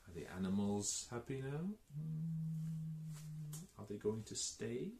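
A man reading a picture book aloud to children in an animated, playful way, asking the listeners questions and repeating words in a sing-song. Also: lowish voice, normal speed, slight background noise. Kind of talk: read-aloud storytime.

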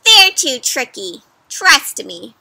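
A woman's voice: high-pitched, sing-song, slow, gravelly, sharp tone, exaggerated voice. A woman reading aloud and voicing a sly, hungry male wolf who wheedles and gives advice.

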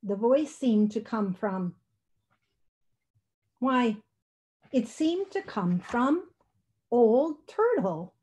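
A woman reads a storybook aloud at a church service, slowly and gently. Her voice is mellow and warm and sits a little high. Her reading is expressive.

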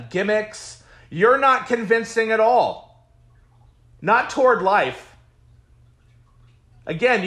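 A man's voice: high-pitched, fairly bright tone. A man teaching a Bible study as pastor, preaching emphatically in a repetitive cadence and reading scripture aloud with comments.

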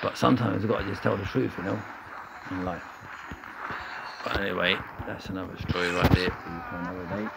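Gravelly man rambling over gameplay. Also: sits low, steady tone, brisk, pauses often, very noisy. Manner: playful, chatty, wanders off on tangents. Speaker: mobile game streamer.

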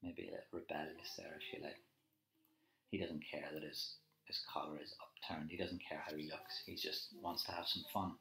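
A man's voice: extremely low pitch, flat delivery, moderate pace, creaky, pushed and bright, a little hiss or hum. A male teacher talking through a poem in a live annotation lesson, conversational and thinking aloud with tag questions. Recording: roomy echo with faint music.

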